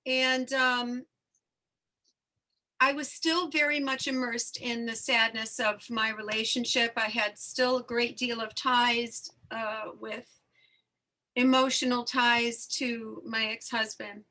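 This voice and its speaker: A woman hosting a casual spiritual conversation, telling a personal story in an animated, emotional way. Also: fairly high pitch, takes it slowly. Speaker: host.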